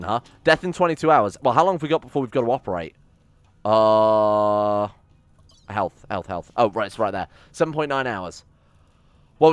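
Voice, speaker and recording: Excitable, swearing man playing a game. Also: medium pitch, no room sound. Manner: excitable, swears, talks to his colonists. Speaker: game streamer. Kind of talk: let's-play commentary.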